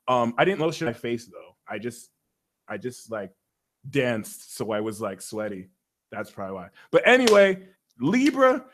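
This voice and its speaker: Brief: high, lively male host, profane and theatrical, jumps between loud bursts and mumbling. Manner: profane, slangy. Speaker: astrology reader hosting a live stream. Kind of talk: animated rant on a live stream.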